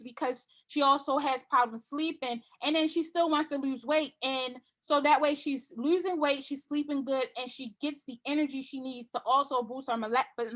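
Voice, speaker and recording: A woman's voice: high voice, a bit bright. A woman giving a casual sales training talk to her team, confident and repetitive, acting out customer conversations.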